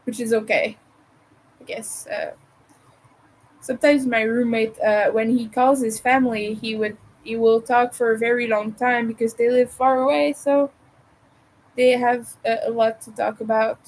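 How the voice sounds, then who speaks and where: A woman from Montreal, Canada, with a Montreal English accent hosts a casual crochet livestream from home, chatty and rambling as she thinks aloud while working. Her voice is on the high side, and the recording is rough.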